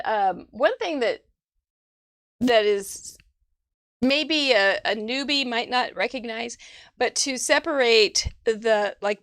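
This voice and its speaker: A woman's voice: a little high, fairly bright tone, no echo, studio quality. Bubbly woman hosting a craft stream. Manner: bubbly, gushing, frequent laughs. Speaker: host. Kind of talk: casual livestream chat.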